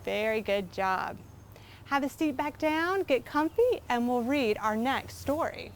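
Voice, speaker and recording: A woman librarian leads a children's storytime in a high, unhurried voice. She speaks clearly and encouragingly, guiding the children through movement. A faint outdoor garden ambience sits behind her. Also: expressive, a little hiss or hum.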